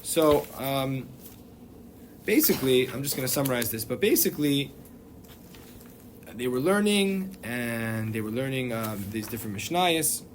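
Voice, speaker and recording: A man's voice: mid-range voice, animated, measured pace, pauses often, a little hiss or hum. A man, a rabbi, teaching a class in an informal, digressive way, with many fillers and restarts. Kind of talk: informal lecture.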